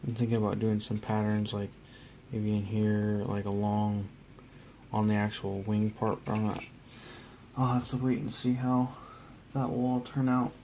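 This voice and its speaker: A tired man narrating a casual hobby painting vlog, halting and rambling as he trails off mid-thought. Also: fairly low pitch, completely flat delivery, dark tone, slight background noise. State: tired, yawning.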